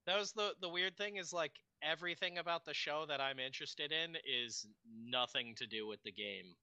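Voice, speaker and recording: A man's voice: fairly high pitch, moderate pace, pushed and bright, clean tone, no room sound. A man co-hosting a podcast in casual chat, crude and wisecracking. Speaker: podcast co-host.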